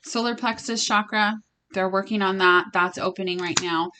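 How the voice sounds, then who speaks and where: A young woman with a bright, sharp-edged voice delivers a casual spiritual reading straight to her viewers. She is blunt and emphatic and swears freely, with a faint hiss of noise behind her. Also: medium pitch, normal speed. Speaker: tarot reader.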